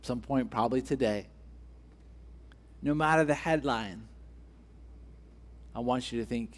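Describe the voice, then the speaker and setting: A man's voice: mid-range voice, a little slow, pauses often. A man preaching a sermon as pastor, driving his point home with repeated rhetorical questions and building emphasis.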